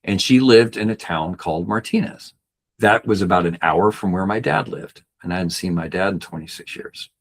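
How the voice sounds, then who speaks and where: Low husky-voiced man telling his story. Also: normal speed. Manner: earnest, acts out quoted people with raised pitch. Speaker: podcast guest. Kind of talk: personal storytelling.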